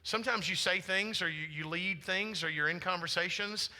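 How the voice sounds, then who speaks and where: A man's voice: high voice, normal speed, pushed and bright. A man in his forties, a pastor, telling a story during a sermon in a conversational way, often asking the congregation questions. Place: church sanctuary.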